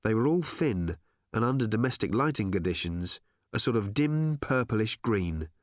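Man narrating with a lively, expressive lilt. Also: lowish voice, normal speed, no echo, studio quality. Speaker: audiobook narrator. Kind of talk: audiobook narration.

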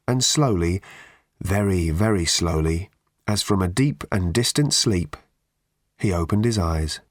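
A man narrating an audiobook in a measured, deliberate way with drawn-out pauses. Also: lowish voice, dry recording, studio quality. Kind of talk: scripted narration.

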